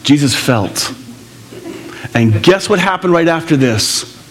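Animated, lively preaching man. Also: on the high side, slow. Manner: animated, conversational preaching with asides and laughs. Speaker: pastor. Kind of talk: sermon.

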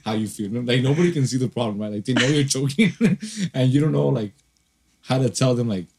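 A man's voice: medium pitch, animated, fairly quick, gravelly, darkish tone, slight background noise. A man telling rambling stories in casual podcast chat, full of fillers and swearing. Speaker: podcast co-host.

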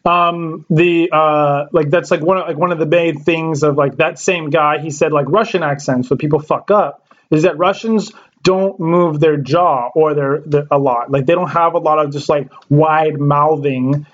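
A man's voice: fairly high pitch, steady tone, normal speed. A man hosting a casual podcast chat, rambling with lots of fillers and casual swearing. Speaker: podcast host. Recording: lo-fi dull sound.

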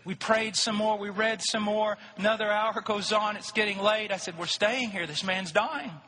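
A man's voice: high-pitched, steady tone, normal speed. Impassioned preacher man in a reverberant hall. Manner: impassioned storytelling, rising to shouts. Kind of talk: sermon.

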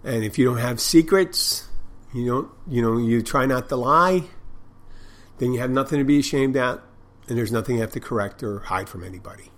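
Guy behind a bar rambling thru stories, swears a lot, keeps restarting, mid-pitch voice. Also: moderate pace. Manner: rambling, profane, with many restarts. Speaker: bartender and podcast host. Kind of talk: casual storytelling monologue.

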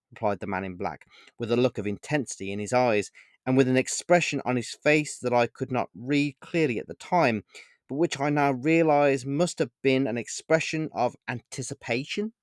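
In a mid-range voice, a man reads his own first-person short story aloud with a measured, earnest storytelling manner. The studio-quality recording has no echo.

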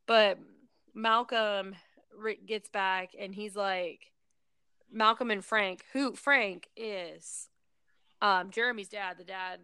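A woman's voice: medium pitch, fairly even intonation, sharp tone, clear, resonant tone, no echo. A woman casually recapping a film plot in a rambling way, with lots of fillers, and briefly acting out the characters' lines. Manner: rambling storytelling with many fillers; acts out characters' lines in quick voices. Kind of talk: casual chat.

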